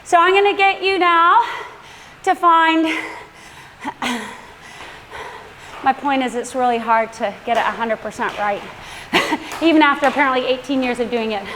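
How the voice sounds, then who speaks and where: Chatty female cycling coach, high voice. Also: unhurried, pauses often, fairly bright tone, long reverb tail, a little hiss or hum. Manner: chatty, instructive, laughs often. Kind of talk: coaching a spin class. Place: indoor cycling studio.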